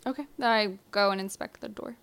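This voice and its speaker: A woman's voice: medium pitch, fairly even intonation, a little fast, creaky, a bit bright, clear, resonant tone. A woman playing in a tabletop game, stating her character's actions in short, matter-of-fact lines. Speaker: player. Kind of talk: casual tabletop play.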